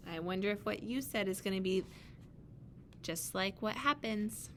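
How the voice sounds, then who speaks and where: A young woman teacher reads a children's picture book aloud in a gentle voice. She speaks at a slow, deliberate pace and keeps stopping to ask her students questions. Faint noise sits quietly under the recording. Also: mid-range voice.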